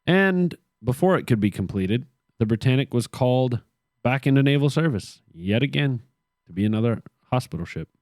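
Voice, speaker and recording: A man's voice: medium pitch, animated, normal speed, darkish tone, no room sound, studio quality. A man co-hosting a casual podcast, reading history from his notes with joking, sarcastic asides. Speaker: podcast co-host.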